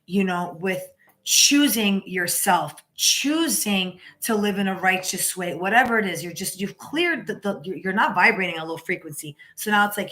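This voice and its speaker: This tarot reader's mid-range voice is expressive, bright, and forceful, delivered at normal speed. Reading cards live and casually, she rambles with frequent restarts and repeated "you know," sounding emphatic and encouraging.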